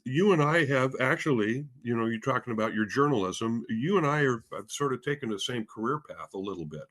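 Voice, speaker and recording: A man's voice: mid-range voice, lively intonation, brisk, a bit bright. A man from Spokane, Washington, a head of bands, telling his story in a casual interview, rambling and self-deprecating, with many fillers and restarts. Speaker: guest, head of bands at a music school.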